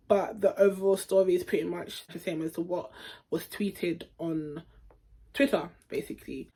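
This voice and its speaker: A woman's voice: on the low side, darkish tone. A young woman giving a casual, frank film review full of slangy asides.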